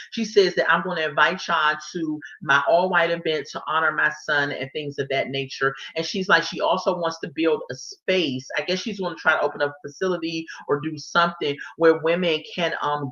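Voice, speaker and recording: A woman hosting a casual reality TV recap, talking in an animated, sassy way and acting out the people she quotes. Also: fairly low pitch, muffled recording. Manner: animated, sassy, Southern US slang with quoted voices.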